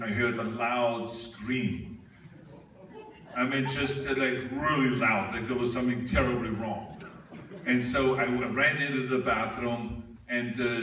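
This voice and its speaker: A man's voice: medium pitch, pushed and bright. An older man telling joking anecdotes at a live stage Q&A, laughing often and rambling with fillers. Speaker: guest actor. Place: theater stage before an audience. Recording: echoey hall, from far off, crowd noise.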